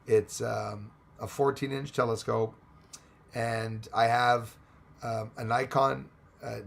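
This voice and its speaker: A man with a Texan accent hosting a live stream, reading viewer comments aloud and chatting in a rambling, excitable way. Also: medium pitch, gravelly. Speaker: livestream host reading chat. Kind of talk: casual live chat.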